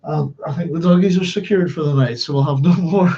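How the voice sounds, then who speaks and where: A man hosts a book club livestream, chatting casually and apologetically and humming to himself while searching his notes. His voice is fairly high with a dark tone, a little fast. The sound is slightly dull and lo-fi, with a little hiss or hum.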